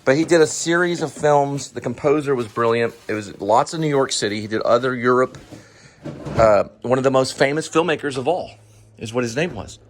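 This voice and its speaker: A man's voice: mid-range voice, a little fast, slight background noise. Rambling man chatting over dinner. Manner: rambling, searches for names, hums and chews. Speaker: co-host. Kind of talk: casual home chat over a meal.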